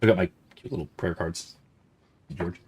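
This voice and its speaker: A man's voice: low voice, normal speed, darkish tone, breathy edge. An American man hosting a casual gaming stream, rambling and musing with plenty of restarts and fillers. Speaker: host.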